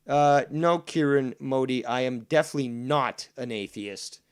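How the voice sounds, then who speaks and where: A man rants at his stream audience in a medium-pitched, fiery, profanity-laced voice. He stacks repetitions and drags out his key phrases slowly for weight, sounding righteous and unrelenting. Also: smooth. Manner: indignant, swears heavily, repeats for emphasis; slows down to stress key lines. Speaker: livestream host reading viewer comments. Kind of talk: profane ranting monologue.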